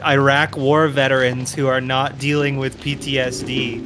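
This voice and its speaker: A man's voice: medium pitch, flat delivery, fairly bright tone, slight background noise. A man chatting and joking casually while playing a co-op puzzle game with a friend. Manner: joking, chatty, quick laughs. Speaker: co-op game player. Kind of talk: casual gaming chat.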